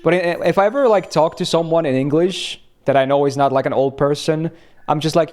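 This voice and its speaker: A man's voice: fairly high pitch, brisk, darkish tone. A young man from Finland chatting casually on a game stream, rambling and laughing as he answers chat.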